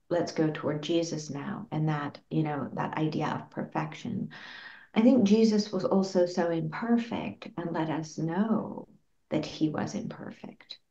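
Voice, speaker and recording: A woman psychologist answering interview questions in an earnest, gently explanatory way, acting out little quotes. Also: low voice. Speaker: clinical psychologist guest. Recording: roomy, dull lo-fi sound.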